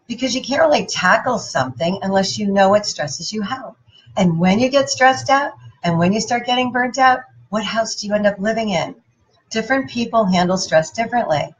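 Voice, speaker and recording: A woman giving a playful, animated motivational talk and putting questions to her audience. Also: medium pitch, moderate pace, lo-fi sound. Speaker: motivational speaker.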